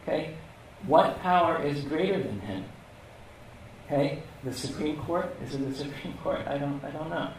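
A man's voice: fairly high pitch, normal speed, creaky, a little hiss or hum. A man teaching a Bible lesson in a casual, conversational way, asking rhetorical questions and often checking in with "okay?". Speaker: preacher. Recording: echoey room, mic at a distance.

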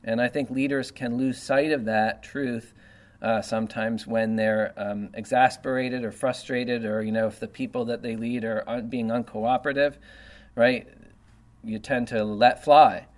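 A man teaching an informal Bible lesson in a voice of ordinary, mid-range pitch. He reads scripture aloud, then breaks off to comment in a loose, chatty way. He checks in with his listeners through frequent fillers and tag questions. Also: steady tone, moderate pace.

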